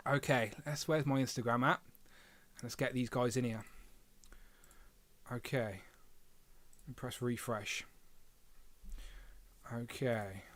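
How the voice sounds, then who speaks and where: A man's voice: medium pitch, fairly bright tone, dry recording. A man hosting a casual livestream, chatting and reading viewer comments aloud with filler hums. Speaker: livestream host.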